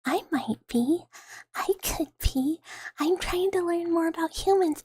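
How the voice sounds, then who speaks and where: A woman's voice: extremely high pitch, unhurried, darkish tone, no room sound. A woman streaming ASMR, talking in a whispered role-play in a rambling way with many fillers, close to the mic.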